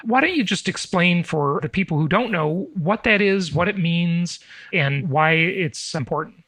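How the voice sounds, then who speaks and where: A middle-aged man hosting an interview podcast, pitched a little high for a man. He chats freely, tossing in asides and correcting himself as he goes. His voice sits dry and close to the mic. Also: animated, a bit bright, no room sound. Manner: chatty, self-correcting, quick asides. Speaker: podcast host.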